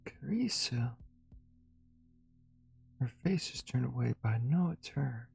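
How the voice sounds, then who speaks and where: A male streamer reading a visual novel aloud in the first person, with tense, halting delivery. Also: mid-range voice, vocal fry, warm tone, slightly rough, soft background music.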